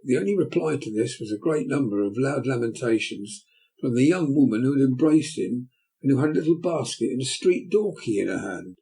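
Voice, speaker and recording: Gravelly, dark-voiced male narrator. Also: mid-range voice, animated, a little fast, poor audio. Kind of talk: audiobook narration.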